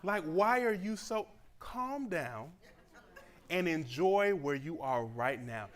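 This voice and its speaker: A man from Southeast Georgia, giving a lively, conversational motivational speech at a church graduation celebration. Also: a little high, slow pace. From Southeast Georgia, USA. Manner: animated and conversational, acting out quoted voices.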